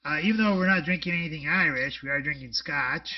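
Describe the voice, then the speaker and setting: A man's voice: fairly high pitch, fast, distant mic, highs cut off. A man co-hosting a casual podcast chat, rambling with lots of fillers and blunt jokes. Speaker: podcast co-host.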